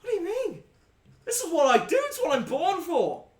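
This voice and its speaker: A man's voice: extremely high pitch, wildly swooping pitch, moderate pace, pitched above the performer's own voice, full character voice. A man voicing a brash, boastful male sailor who hunts sharks and swears freely. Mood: boisterous. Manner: boisterous, swearing, shouting "oi". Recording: echoey room, distant mic, faint noise.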